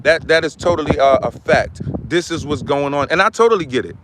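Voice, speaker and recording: A man's voice: a little high, lively intonation, a little fast, noisy background. A man hosting his own commentary channel, giving a heated, repetitive monologue. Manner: impassioned, repetitive, restarts often.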